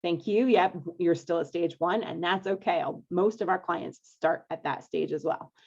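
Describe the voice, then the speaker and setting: Woman, marriage coach, live webinar, low-pitched, coaxing, upbeat, dull lo-fi sound. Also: normal speed. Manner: upbeat, coaxing, checks in with listeners often. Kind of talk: live online masterclass talk.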